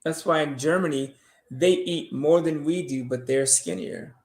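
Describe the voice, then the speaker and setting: A man co-hosting a talk show, giving animated, opinionated advice in casual speech and swearing freely. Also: fairly high pitch, a little slow, roomy sound. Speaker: podcast co-host.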